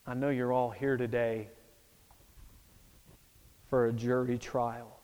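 A man voicing a lenient male judge who muses quietly and sounds pleased with himself. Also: medium pitch, level tone, slow pace, clear, resonant tone, pitched below the performer's own voice, natural voice. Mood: smug musing. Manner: quiet, self-satisfied, musing. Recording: echoey hall.

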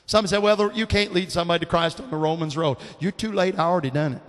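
A high-pitched man in his fifties preaching a sermon with folksy, fervent delivery that swells into shouted amens. His voice rings out with a long reverb, as in a church sanctuary. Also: fast. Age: 50s.

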